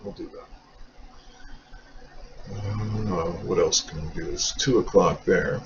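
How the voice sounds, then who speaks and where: A man's voice: deep voice, takes it slowly. A man giving rambling, wry, self-mocking commentary over a racing game. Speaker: sim racing video creator. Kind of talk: casual gameplay commentary. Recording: dull lo-fi mic with faint noise.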